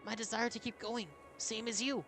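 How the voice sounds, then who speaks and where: A man's voice: very high-pitched, fairly even intonation, normal speed, a bit bright, soft background music, pitched above the performer's own voice. A man voicing an odd, comical, half-mad spearman with an erratic, giddy manner.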